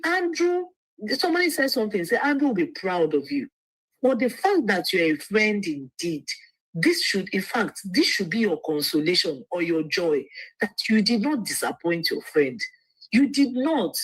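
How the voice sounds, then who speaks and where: A woman's voice: medium pitch, very animated, moderate pace, breathy edge, no room sound, rough recording. A woman, a lawyer speaking as a guest on a livestream, earnest and often restarting her words. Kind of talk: livestream interview.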